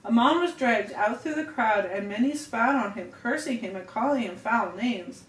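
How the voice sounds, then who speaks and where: A woman reading a story aloud to her children at home, steady with small slips and restarts. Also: a little high, normal speed. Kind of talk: family storybook read-aloud. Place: home room. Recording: roomy home room, distant mic, faint hiss.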